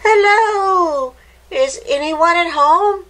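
A woman voicing an eager young male bunny in a storybook, excitable and curious, with a bright bouncy delivery. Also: high voice, slow pace, voice pushed up, exaggerated voice, low-quality recording. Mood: excited.

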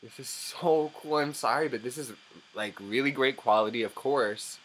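Young guy doing an unboxing video, super hyped, gasps and squeals a lot, talks right to the viewers, mid-pitched voice. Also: normal speed, slight background noise. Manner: gushing and excitable, squealing and gasping often; chatty and direct to viewers. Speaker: channel host. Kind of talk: unboxing vlog.

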